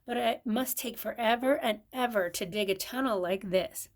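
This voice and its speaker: A woman's voice: a little high, moderate pace, natural voice. A grandmother reading aloud, voicing a busy male squirrel who gathers acorns and speaks up indignantly. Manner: shouting, indignant.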